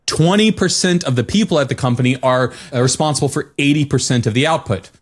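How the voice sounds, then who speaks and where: A man's voice: mid-range voice, fast. A man co-hosting a podcast in a casual discussion, musing aloud, restarting sentences and posing questions. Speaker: podcast co-host.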